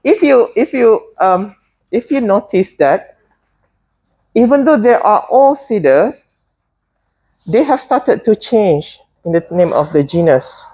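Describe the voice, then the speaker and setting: A woman's voice: mid-range voice, animated, slow, pauses often, mellow, husky. A woman teaching a botany class, often hesitating and putting questions to her students. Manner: hesitant, many fillers and restarts, asks students questions.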